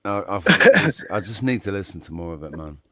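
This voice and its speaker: A man's voice: low-pitched, very animated, brisk, bright, forceful tone. A man hosting a casual chat, swearing freely and often restarting his sentences.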